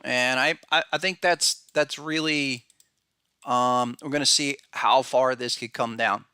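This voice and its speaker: A man's voice: mid-range voice, fairly even intonation, unhurried, pushed and bright, smooth, no room sound, studio quality. A man hosting a podcast, talking through charts in a rambling, casual way with many restarts and fillers, calling out viewers by name. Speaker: podcast host and trading analyst. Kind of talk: casual market analysis talk.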